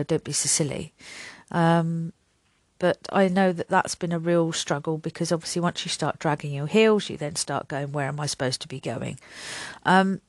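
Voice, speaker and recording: An older woman with a lowish voice hosts a solo podcast, rambling and laughing at herself. She often acts out little dialogues and pokes fun at herself along the way. The recording is close and dry, with no room sound at all.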